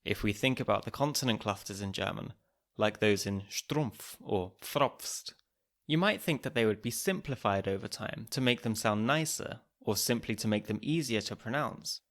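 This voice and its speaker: A man hosting a podcast, reading scripted narration in a clear, measured, explanatory way. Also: fairly low pitch, lively intonation, a bit bright. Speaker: podcast host.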